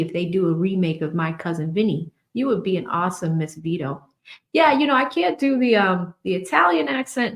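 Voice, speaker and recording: A woman's voice: on the low side, fairly bright tone. A woman hosting a live trial-watch stream, chatting casually, reading viewer messages and telling a funny story with frequent laughs.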